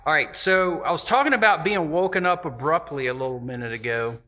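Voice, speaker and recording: A man's voice: a little high, a little fast, pushed and bright. A man preaching a sermon, talking to the congregation in a conversational but emphatic way and often repeating his phrases.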